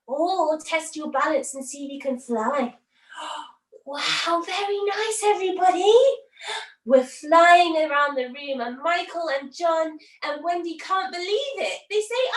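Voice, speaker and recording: Slow, high-voiced children's yoga teacher. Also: female voice. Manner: animated, gasping with wonder. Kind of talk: story-led yoga lesson for children. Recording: roomy, from a distance.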